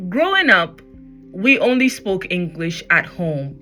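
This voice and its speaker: A woman's voice: very animated, slow pace, pushed and bright, soft background music. A young Nigerian woman with a Nigerian accent, chatting on her own podcast and slipping into Pidgin as she acts out what people said. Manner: chatty, switching into Pidgin, acting out quotes in a high voice. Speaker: podcast host. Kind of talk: personal podcast monologue.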